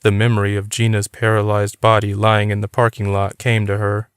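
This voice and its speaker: A man reads an audiobook in a steady, unhurried way. His voice sits low and sounds smooth and clear. The recording is close and dry, with no room around it. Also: no echo. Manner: steady, even reading. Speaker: audiobook reader. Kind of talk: audiobook narration.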